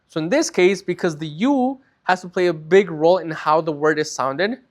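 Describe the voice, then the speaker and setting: A man with a fairly high-pitched voice teaching a recorded language lesson. He explains patiently step by step, often slowing down to stretch out key words and checking that his students follow along. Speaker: Spanish teacher.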